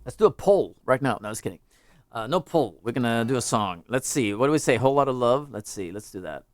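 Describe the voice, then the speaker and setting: A man's voice: medium pitch, animated, fairly quick. A man hosting a live music stream, chatting casually with viewers, rambling and joking as he interrupts himself. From United States.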